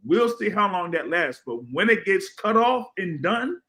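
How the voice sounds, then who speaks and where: A man's voice: high-pitched, animated, measured pace, fairly bright tone, rough recording. A man co-hosting a casual talk show, explaining at length with lots of fillers. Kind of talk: casual chat.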